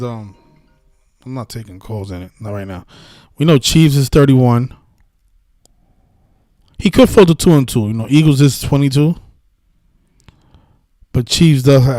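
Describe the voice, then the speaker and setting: A man's voice: medium pitch, mellow, dry recording. A man hosting a casual live-stream about sports betting, talking in a heated, profane, rambling way with many restarts. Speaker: sports betting video host.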